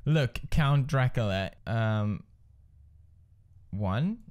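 A man playing a quiz game, shouting, laughing and swearing as he plays. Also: medium pitch, drawn-out words. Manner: excitable, yelling and swearing at the game. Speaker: gamer. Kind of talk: let's play commentary.

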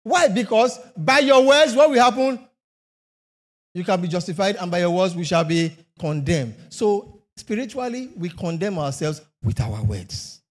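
A man's voice: high voice, lively intonation, unhurried. A man preaching a sermon, emphatic, asking rhetorical questions and repeating phrases for effect.

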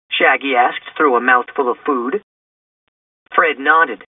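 A man reading a children's storybook aloud in an expressive way. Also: medium pitch, slow pace, husky, no room sound. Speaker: storybook reader. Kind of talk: children's book read-aloud. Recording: distant, tinny phone-like sound.

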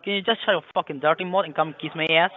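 A man's voice: on the high side, steady tone, rapid-fire. A man answering as a call center agent, then swearing and threatening the caller in anger. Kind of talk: angry phone argument. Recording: tinny phone line.

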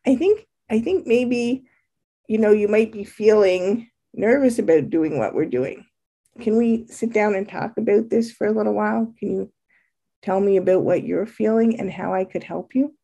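A woman gives a spoken lesson on kind leadership, her voice mellow and dark in tone. She talks earnestly and emphatically, with small laughs between points. Her pitch sits in the ordinary middle for a woman. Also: normal speed. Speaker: leadership coach.

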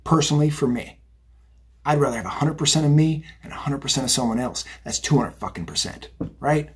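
A man's voice: medium pitch, animated, brisk, husky. A middle-aged man giving a chatty, rambling tarot reading, often tagging his lines with "right?" and "okay?". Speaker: psychic tarot reader. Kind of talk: casual tarot reading monologue.

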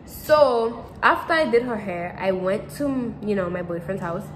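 A teenage girl talks casually to camera, circling back and repeating herself with plenty of fillers. Her pitch sits in the middle range, and a faint hum of background noise runs under the recording. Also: lively intonation, measured pace, low-quality recording. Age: teens. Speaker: vlogger.

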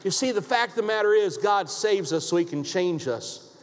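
A pastor preaching a sermon in a church, emphatic and repetitive, asking rhetorical questions. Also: male voice, high-pitched, expressive, moderate pace. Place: church sanctuary. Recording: long hall reverb.

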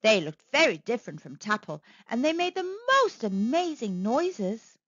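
Animated woman reading a children's story. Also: on the high side, moderate pace, no room sound. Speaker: storybook reader. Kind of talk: children's read-aloud narration. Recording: dry, slightly dull recording.

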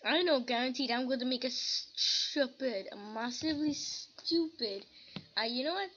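A woman's voice: sits high, moderate pace. A woman giving casual gameplay commentary, humming little sing-song tunes as she plays. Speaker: gamer. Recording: lo-fi with loud keyboard typing.

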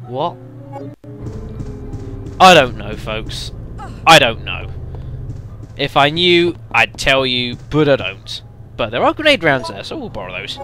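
A man giving casual, chatty let's play commentary, speaking to viewers as folks with lots of halting fillers. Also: mid-range voice, sing-song, sharp tone, soft background music.

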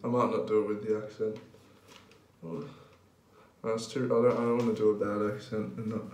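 A man chatting casually to camera from his bathroom, hesitant and full of ums and pauses. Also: lowish voice, fairly even intonation, darkish tone, recorded from a distance, a little hiss or hum. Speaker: vlogger. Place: home bathroom. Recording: echoey small bathroom.

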